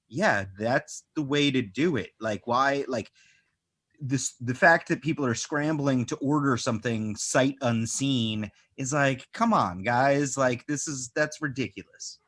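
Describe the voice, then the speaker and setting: A man's voice: medium pitch, fairly bright tone. A man on a live toy collecting podcast panel, speaking emphatically with frustrated complaints and many fillers. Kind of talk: casual live podcast chat.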